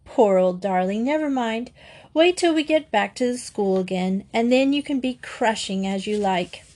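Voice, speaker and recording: A woman doing a cheeky, lively schoolgirl. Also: fairly high pitch, normal speed, natural voice. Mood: teasing.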